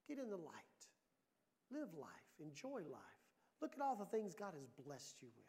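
High-voiced animated preacher man. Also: moderate pace. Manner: animated storytelling preacher, rising to loud emphasis. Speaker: pastor. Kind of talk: sermon.

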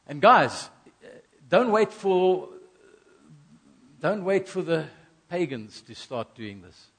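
A man's voice: high-pitched, big pitch swings, slow, gravelly, breathy edge. A middle-aged man from South Africa preaching a sermon, earnest, repeating key phrases and acting out little asides. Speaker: pastor.

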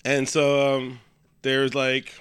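A man co-hosting a casual movie review chat, retelling scenes in animated quoted voices. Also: mid-range voice, slow pace, smooth. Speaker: podcast co-host.

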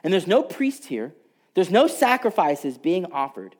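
A man's voice: high-pitched, sing-song, measured pace. Man preaching a sermon. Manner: storytelling with shifts between loud and hushed delivery. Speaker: pastor.

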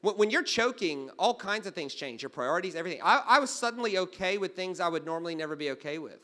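A man preaching a sermon, telling stories and swinging from quiet asides to loud exclamations. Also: sits high, expressive, fast. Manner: storytelling, jumping from hushed to loud exclaiming. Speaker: pastor.

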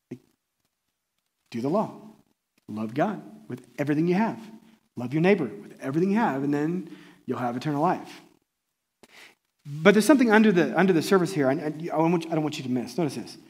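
Male preacher, fairly high voice, conversational sermon, animated and chatty. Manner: conversational, animated, often asks the audience "right?". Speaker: pastor.

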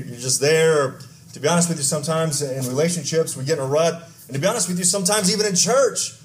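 A man's voice: fairly high pitch, slight background noise. Chatty Texan man preaching a sermon. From Texas. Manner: conversational, rambling preaching with asides and questions to the congregation. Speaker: pastor.

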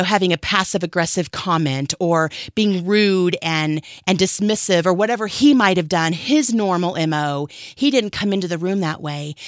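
A woman's voice: lowish voice, dry recording, studio quality. A woman in her thirties giving an earnest, emotional personal testimony in a storytelling manner. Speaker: speaker sharing testimony.

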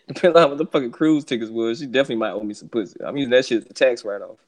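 A man's voice: medium pitch, rapid-fire. A man co-hosting a podcast in slangy casual banter, joking and laughing a lot. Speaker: podcast co-host.

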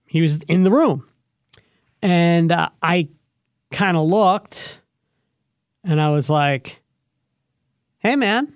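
A man's voice: a little high, slow pace, long pauses, clean tone, no room sound, clean studio sound. A man hosting a radio show, telling a personal story in a rambling, hesitant way full of restarts. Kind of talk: casual storytelling chat.

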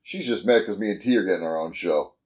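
A co-host in a casual group chat, quick-witted and laughing a lot. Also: deep voice, a little mellow. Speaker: podcast co-host.

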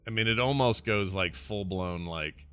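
A man's voice: on the low side, normal speed, bright, forceful tone, clean tone, no room sound. A man co-hosting a live morning show, chatting casually, laughing and talking to his chat room. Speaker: podcast co-host.

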